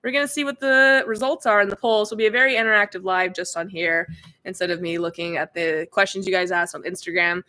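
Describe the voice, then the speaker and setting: A woman's voice: mid-range voice, steady tone, quick pace, pushed and bright. Giggly ventriloquist woman hosting a livestream. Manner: giggly, chatty, bantering with her puppet. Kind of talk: casual livestream chat.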